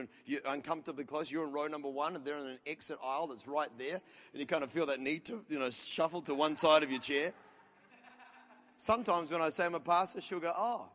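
A man preaches a sermon, telling his stories loudly and with comic energy. His voice sits high and sounds bright and forceful. He talks like a pastor who enjoys a joke with his congregation. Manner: loud, animated storytelling with comic outbursts.

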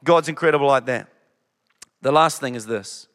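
A man preaching a sermon as campus pastor, conversational and animated, acting out the quotes. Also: mid-range voice, normal speed, pauses often. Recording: hall reverb.

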